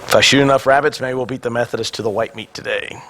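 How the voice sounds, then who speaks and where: A male pastor with a raspy, hoarse voice, mixing wry self-deprecating jokes with a scripture reading. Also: medium pitch, steady tone, quick pace, a bit bright, slight background noise. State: hoarse, coughing. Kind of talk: sermon.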